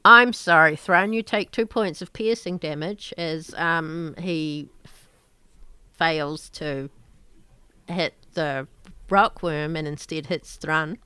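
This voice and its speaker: A woman narrating as game master of an online tabletop game, laughing often between quick rulings. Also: low voice, sharp tone, clean tone, dry recording.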